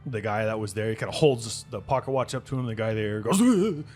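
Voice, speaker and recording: A man's voice: lowish voice, steady tone, quick pace, darkish tone, soft background music. A man running a tabletop game as game master, narrating in a loose, rambling way.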